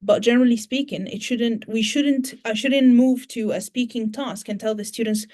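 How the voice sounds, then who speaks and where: Woman, British English accent, slightly high voice, online conference Q&A, step-by-step explanations, fillers and restarts. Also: fairly even intonation, moderate pace, hardly any pauses, darkish tone. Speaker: teacher trainer.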